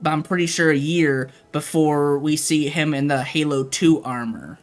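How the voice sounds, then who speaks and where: A man's voice: fairly high pitch, normal speed, soft background music. A man livestreaming, ranting casually and profanely to his chat.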